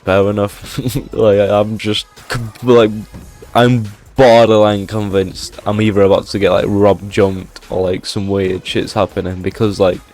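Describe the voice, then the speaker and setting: A man's voice: lowish voice, little pitch movement, measured pace, darkish tone, faint music behind. A man telling a story casually, rambling with lots of filler words and swearing. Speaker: gaming YouTuber.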